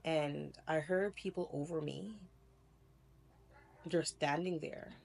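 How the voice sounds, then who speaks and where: Woman vlogger, young adult, low-ish voice, rambling and animated, laughs a lot while telling her story. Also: takes it slowly, vocal fry. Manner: rambling, animated, laughs often, self-correcting. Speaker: spiritual vlogger. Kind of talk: casual storytelling to camera.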